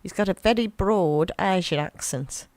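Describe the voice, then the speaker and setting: A woman's voice: fairly low pitch, normal speed, no room sound. A woman with a Birmingham accent hosting a local radio show, telling stories and acting out voices. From Birmingham area, England. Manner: animated storyteller, acts out voices in quotes. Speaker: radio host. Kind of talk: chatty local radio anecdote.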